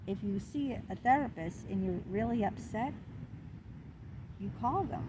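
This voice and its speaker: A middle-aged woman vlogger telling a personal story in an indignant, animated, exclaiming way. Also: on the high side, background noise. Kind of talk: confessional storytelling to camera.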